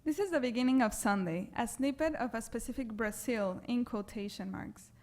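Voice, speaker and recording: A woman with a foreign accent, reading an academic presentation at a symposium in a measured, deliberate way. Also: fairly high pitch, a little mellow. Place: lecture hall.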